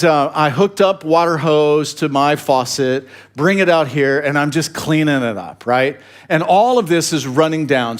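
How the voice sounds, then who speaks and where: A male pastor with a fairly high-pitched voice tells a story in his sermon. He talks casually, with fillers and restarts. He pokes fun at himself and chuckles along the way. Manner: humorous, self-deprecating, chuckling asides.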